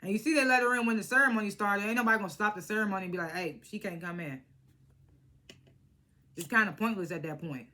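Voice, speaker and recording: A young woman vlogging a casual reality TV recap, animated and slangy, laughing as she acts out what the cast said. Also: medium pitch, very fast, few pauses. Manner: animated, laughing, slangy retelling with acted-out quotes. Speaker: reality TV reviewer.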